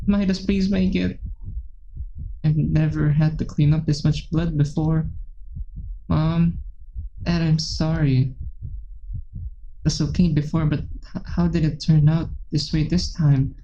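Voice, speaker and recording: A man voicing a despairing young woman in a game, speaking slowly in a tearful, faltering hush on a dull lo-fi recording. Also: a little high, little pitch movement, a little hiss or hum. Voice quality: tearful, faltering, broken-off words. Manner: slow, hushed, trailing sentences.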